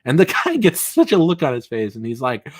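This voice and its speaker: A man's voice: mid-range voice, wildly swooping pitch, a little fast. A man hosting a casual livestream, rambling and chatty, full of fillers and chuckles. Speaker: livestream host.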